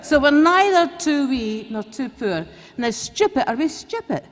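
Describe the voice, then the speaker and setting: A woman's voice: high-pitched, expressive, unhurried. A Glasgow woman giving an off-the-cuff political speech at a conference, blunt and chatty, joking and letting slip the odd swear word. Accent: Scottish, Glasgow. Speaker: conference speaker. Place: conference hall. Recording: reverberant conference hall.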